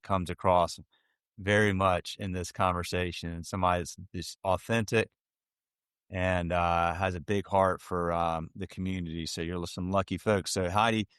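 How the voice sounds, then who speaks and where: A man's voice: deep voice, clean tone, dry recording, clean studio sound. A man hosting a podcast, talking in a folksy way with plenty of ums. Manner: warm, folksy, lots of filler ums. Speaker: podcast host. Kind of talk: casual podcast interview.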